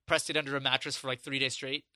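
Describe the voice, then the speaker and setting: Bright, animated young man telling a story. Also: medium pitch, quick pace, dry recording. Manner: animated, acts out quotes, swears freely. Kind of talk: casual chat, storytelling.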